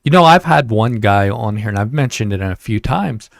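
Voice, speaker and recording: Gravelly guy hosting a vet podcast, thoughtful, trips on words, dry close sound. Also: fairly low pitch, expressive, normal speed, dry recording. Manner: thoughtful, stumbles over words. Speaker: veterans podcast host. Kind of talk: reflective podcast conversation.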